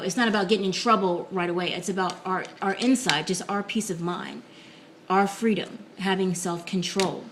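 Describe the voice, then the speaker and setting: Woman vlogging at home, lowish voice, soft and halting with lots of ums, faint room hum behind. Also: poor audio. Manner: soft-spoken, many ums and pauses. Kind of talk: casual reflective talk to camera.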